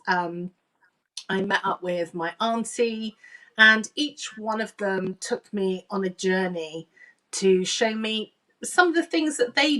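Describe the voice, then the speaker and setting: A woman's voice: medium pitch, a bit bright, distant mic. Earnest woman telling a personal story. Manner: earnest, emotional, acts out remembered dialogue. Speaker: medium and intuitive coach.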